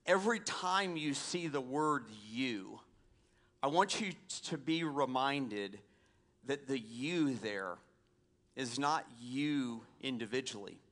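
A man's voice: medium pitch, animated, slow, a bit bright. A man from the American South, a pastor preaching a sermon with prayer and scripture reading, folksy and conversational with asides to the congregation.

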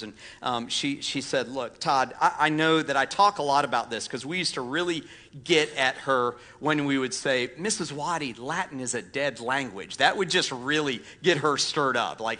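A man's voice: medium pitch, sharp tone. A man in his thirties, a pastor preaching a sermon, telling a story casually with many fillers and self-deprecating asides. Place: church auditorium.

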